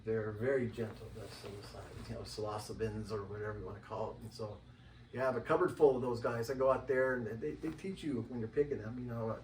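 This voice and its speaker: A man talking casually as an interview guest, rambling and animated and acting out the voices of people he quotes. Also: fairly low pitch, fast, a little hiss or hum. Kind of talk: casual conversation. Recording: roomy, distant mic, faint ambience.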